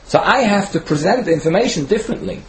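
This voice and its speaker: A man teaches an informal sermon as a Torah talk, conversational and full of "right?" check-ins, restarting words as he gropes for them. He talks fast in a high-pitched, expressive, fairly bright voice, on a rough recording with slight background noise.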